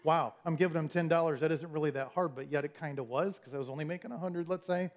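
A man's voice: a little high, fast. A man preaching a sermon in a conversational, storytelling way, often restarting his words and acting out the lines of others. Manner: conversational, storytelling with acted-out quotes. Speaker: pastor.

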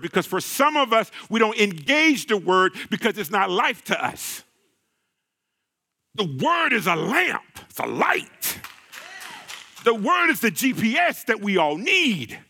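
A man's voice: sits high, sing-song, unhurried, sharp tone. A man preaching a sermon, repeating phrases, calling out to the congregation and exclaiming.

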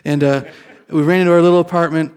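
A man's voice: on the high side, quick pace, smooth. Man in his fifties telling a sermon story. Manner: chatty storytelling with many restarts, gets animated at punchlines. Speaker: pastor.

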